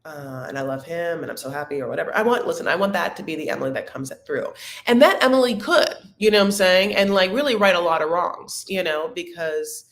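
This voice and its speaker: A woman with a fairly low, expressive voice talks a little fast, and the sound is reverberant. She hosts a reality TV recap show, running a casual live recap chat that rambles candidly through tangents. Her delivery is chatty and loaded with filler words, especially "like."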